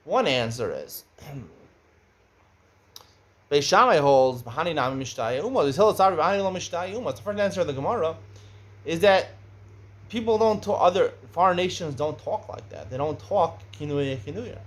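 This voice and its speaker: A middle-aged man gives a Talmud study lecture, speaking conversationally and getting animated when he raises questions. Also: on the high side, normal speed, long pauses. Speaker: Talmud teacher.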